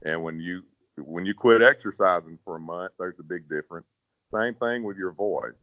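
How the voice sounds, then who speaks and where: A man who sings bass, talking folksy and casual in an interview, often repeating words. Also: normal speed, a bit bright, dry recording. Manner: folksy, repeats words, drops to a growl to demonstrate. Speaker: professional bass singer, guest. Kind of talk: casual interview, giving singing advice. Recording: dull, dry sound.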